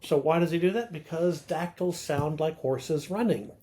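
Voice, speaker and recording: A man's voice: fairly high pitch, moderate pace, dark tone. An older man co-hosting a podcast, explaining poetic meter in a teacherly way and tapping out rhythms as he recites verse. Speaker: podcast co-host, literature scholar. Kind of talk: casual explanatory chat.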